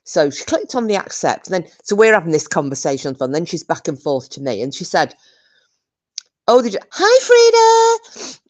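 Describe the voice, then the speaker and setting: The recording is muffled, but this British livestream host's deep voice comes through expressive and quick, with few pauses. She chats casually, reading viewer comments and telling a rambling story full of restarts.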